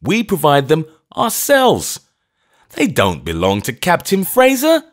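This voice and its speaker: A man putting on a doddering old vicar, voice pushed up high and loud, breathless and giddy, lively swings in pitch. The old clergyman pleads between gasps, caught out yet enjoying it. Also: takes it slowly, exaggerated voice. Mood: panting, gleeful. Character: elderly male vicar, flustered then gleeful.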